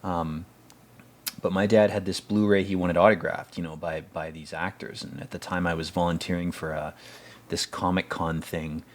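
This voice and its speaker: A man giving casual, rambling film commentary, swearing often and growing excited about scenes he loves. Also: low-pitched, moderate pace. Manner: rambling, profane, enthusiastic.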